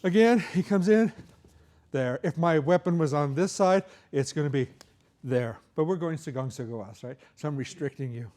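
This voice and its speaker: Man, middle-aged, martial arts instructor, fairly high voice, demonstrating while explaining. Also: normal speed, darkish tone. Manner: talks through moves while demonstrating, frequent "right?" checks. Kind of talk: hands-on seminar instruction.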